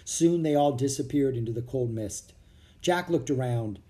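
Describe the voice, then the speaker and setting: A reader narrating a children's storybook aloud with an expressive delivery. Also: mid-range voice, moderate pace. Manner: expressive, animated reading. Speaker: audiobook reader.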